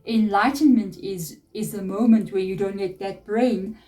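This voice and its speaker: A woman's voice: mid-range voice, fairly even intonation, unhurried, mellow. Earnest middle-aged woman tarot reader. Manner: earnest, emphatic, repetitive coaching. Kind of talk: spiritual advice talk. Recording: distant mic with faint background music.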